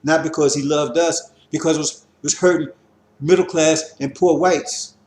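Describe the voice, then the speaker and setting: Man with a highish voice preaching hard, repeats himself a lot, roomy echo. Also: steady tone, moderate pace. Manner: preachy, repetitive, rising to forceful emphasis. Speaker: religious teacher. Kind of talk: impassioned lecture.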